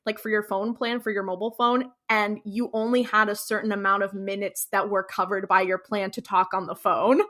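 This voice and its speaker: A woman's voice: mid-range voice, little pitch movement, brisk, hardly any pauses, a bit bright. A woman co-hosting a podcast in casual chat, explaining things and teasing her co-host.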